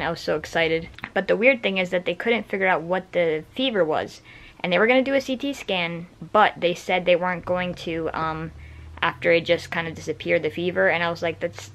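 A man's voice: fairly high pitch, a bit bright, rough recording. Tired young man rambling in a hospital room. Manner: rambling, many fillers and restarts. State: tired after surgery. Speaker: vlogger. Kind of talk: casual vlog chat.

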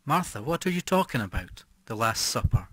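A man's voice: mid-range voice, sing-song, fairly quick, fairly bright tone, breathy edge, dry recording. Male reader as a nervous cheating husband, uneasy and tense, audiobook, dry. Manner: uneasy, frightened. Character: nervous unfaithful husband, adult man.

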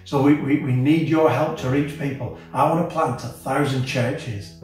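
A man preaching a sermon as senior pastor, earnest and impassioned, with soft guitar music behind him. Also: mid-range voice, normal speed. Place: church auditorium. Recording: echoey church hall, mic at a distance.

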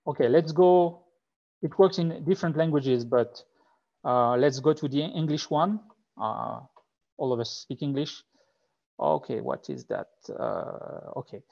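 A man's voice: on the high side, darkish tone, muffled recording. A man with a thick French accent presenting a live tech webinar, talking with many fillers and restarts.

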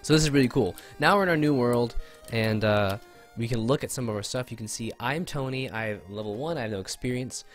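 A man's voice: medium pitch, a little fast, hardly any pauses, faint music behind. A man giving casual, rambling and enthusiastic commentary while playing an old video game. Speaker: let's play host.

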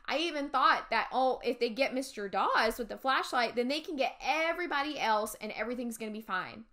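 A woman teacher reading a chapter book aloud for her class, expressive with dramatic whispers. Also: fairly high pitch, a little fast. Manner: expressive, voices characters, frequent dramatic whispers.

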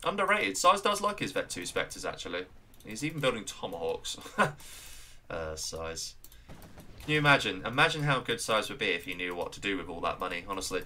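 His voice sits low and runs a little fast as this Englishman offers excitable, talkative live commentary on a strategy game match. Every so often he greets the viewers watching.

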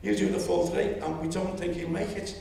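Seventies Liverpool man, gravelly, public speech, roomy distant hall sound. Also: high-pitched, little pitch movement, brisk. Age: 70s. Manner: storytelling, rising to loud indignation. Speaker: public meeting speaker. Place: lecture hall. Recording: echoey hall, distant mic.

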